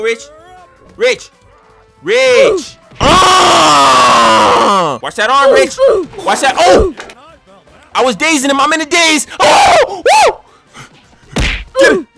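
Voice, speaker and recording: A man giving loud, slangy play-by-play commentary on his own gameplay, yelling and whooping at the action. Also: very high-pitched, huge pitch swings, takes it slowly, creaky, long pauses, soft background music. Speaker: gaming channel host. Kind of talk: excited let's-play commentary.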